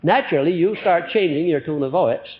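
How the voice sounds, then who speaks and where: An older man giving a live motivational lecture to an audience, animated, swinging between loud emphatic lines and quiet ones, with frequent fillers. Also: fairly high pitch, a little fast. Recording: muffled 1950s lecture recording.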